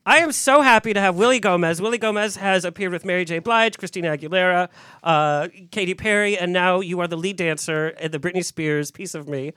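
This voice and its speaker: A man's voice: high-pitched, fairly quick, pushed and bright, clean tone, dry recording. A man hosting a casual chat show in a playful, teasing, bubbly way. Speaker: host.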